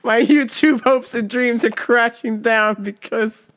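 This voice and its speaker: A woman whose voice is a little high takes her time as she speaks. As a podcast host telling a funny story in casual chat, she's animated, swears a lot, and can't stop laughing.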